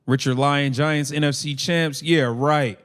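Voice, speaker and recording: Male streamer, slightly high voice, heated slangy play-by-play and rants. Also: steady tone, measured pace, a bit bright, clear, resonant tone. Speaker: live stream host. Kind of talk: casual live watch-along commentary.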